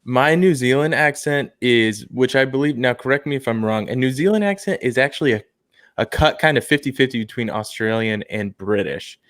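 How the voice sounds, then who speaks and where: A man's voice: medium pitch, a little fast, a bit bright, no room sound. A young adult man co-hosting a casual sports podcast, teasing his friends in playful banter. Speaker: podcast co-host. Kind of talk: casual chat.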